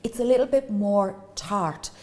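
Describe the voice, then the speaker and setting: With a medium-pitched, darkish voice and a long reverb tail, an Irish cooking teacher speaks expressively and a bit slowly. In her baking demonstration, she chats with enthusiasm, offering advice and little asides as she works.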